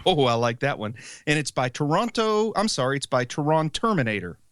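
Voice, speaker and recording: A man co-hosting a casual podcast, tossing in quick joking one-liners. His voice sits a bit high and moves around a lot. The recording is dry and close. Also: very animated, fairly bright tone, no room sound. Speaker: podcast co-host.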